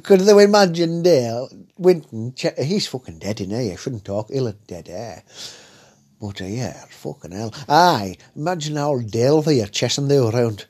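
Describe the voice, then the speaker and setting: A man's voice: medium pitch, lively intonation, moderate pace, darkish tone, slightly rough. A man telling a crude, rambling comic story, ending his lines with "eh?". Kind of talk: comic monologue.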